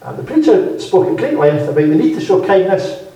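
Brief: male preacher, lively pitch, Bible-teaching sermon, distant mic in a booming hall. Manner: measured, emphatic, repeating key phrases. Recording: very echoey hall, speaker far from mic.

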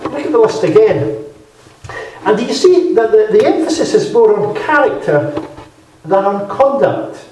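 A man preaching a measured, emphatic Bible-teaching sermon in a hall, repeating key phrases for weight. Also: high-pitched, animated, a little mellow, slight background noise. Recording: very echoey hall, speaker far from mic.

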